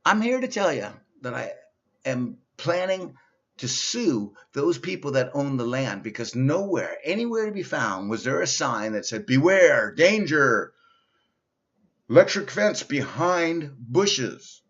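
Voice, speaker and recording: A male comedian doing a stand-up monologue in a slow, simple-minded persona, telling silly stories. The recording is dull and lo-fi. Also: medium pitch, sing-song, fairly bright tone.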